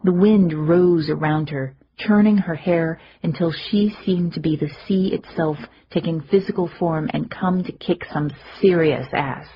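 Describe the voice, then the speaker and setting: A woman narrating a fantasy audiobook in a measured, dramatic first-person reading. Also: lowish voice, highs cut off.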